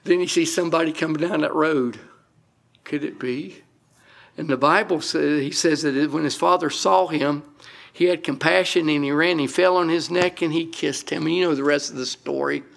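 A middle-aged man preaching from the pulpit, his voice gravelly and pitched a little high. He works through scripture with emphasis, breaking off for folksy asides to the congregation. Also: steady tone, moderate pace. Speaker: pastor. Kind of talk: sermon.

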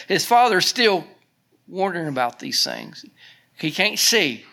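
Brief: pastor, man, folksy radio Bible study with asides, bright and high. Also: very animated, moderate pace, gravelly. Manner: folksy, chatty asides and laughter.

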